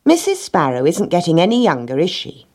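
A woman's voice: on the low side, wildly swooping pitch, a little fast, a little mellow, voice pushed up. A woman voicing a bossy, earnest little red hen in a storybook reading, insistent as she explains.

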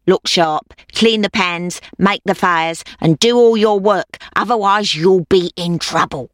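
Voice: mid-range voice, unhurried, a bit bright, dry recording, studio quality, natural voice. A storybook narrator voicing a bad-tempered, scolding female cook. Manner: scolding, snappish. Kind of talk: storybook reading.

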